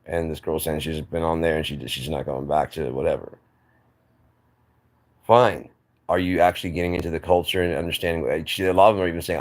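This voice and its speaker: A man's voice: low voice, steady tone, fairly quick, long pauses. A man talking casually on his own channel, giving rambling, opinionated takes with frequent restarts. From United States. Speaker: channel host. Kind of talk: casual monologue to camera.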